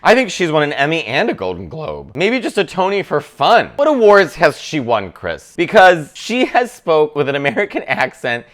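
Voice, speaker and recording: A man's voice: on the high side, normal speed, few pauses. A man in his thirties giving casual comedic commentary on a video, with opinionated rants, tangents and swearing. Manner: animated, opinionated rants with frequent asides and swearing.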